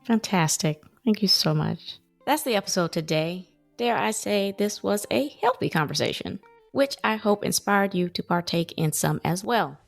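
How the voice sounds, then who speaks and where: Very creaky-voiced woman podcast host. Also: medium pitch, lively intonation, normal speed, faint music behind. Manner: upbeat, affirming, wraps up with scripted outro. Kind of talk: conversational podcast interview.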